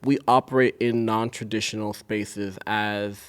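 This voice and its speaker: A man's voice: lowish voice, fairly even intonation, unhurried, fairly bright tone, clean tone. A man who is a TV writer, a guest on a podcast, chatting casually, teasing and laughing easily. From Haitian family. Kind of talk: casual chat.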